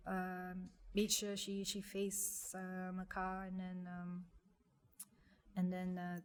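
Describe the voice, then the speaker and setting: A young woman, telling a personal story in an interview, speaking softly and haltingly with many restarts. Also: medium pitch, smooth. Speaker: guest.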